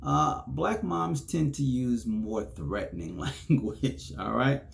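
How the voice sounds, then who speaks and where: Gravelly-voiced man hosting a podcast. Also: medium pitch, takes it slowly. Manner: chatty, often tags sentences with "okay?"; chuckles between points. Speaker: podcast host. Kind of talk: casual solo podcast commentary.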